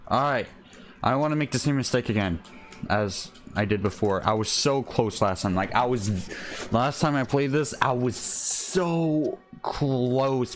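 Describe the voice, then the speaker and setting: Excitable young man narrating gameplay. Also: lowish voice. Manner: excitable, yells and whines when failing. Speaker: gaming channel host. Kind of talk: live gameplay commentary.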